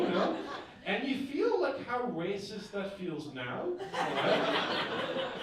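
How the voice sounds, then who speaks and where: A young man doing a stand-up comedy set on a club stage, chatting to the crowd and checking in with "right?" after each point. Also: heavy reverb. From northern England. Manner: conversational, keeps asking the crowd "right?". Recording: boomy club room heard from a distance. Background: audience laughter.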